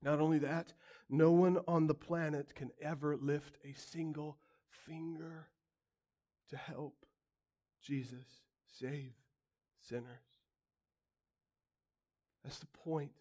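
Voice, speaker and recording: A man preaching a sermon, acting out quotes dramatically and swinging from loud outbursts to hushed lines. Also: fairly high pitch, fairly even intonation, takes it slowly, pauses often.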